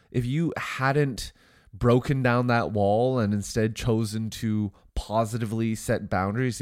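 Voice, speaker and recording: Male podcast co-host, lowish voice, nasal and stuffy, earnest, thinks aloud, dry close mic. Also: darkish tone, dry recording. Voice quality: nasal from allergies. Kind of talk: casual conversational podcast.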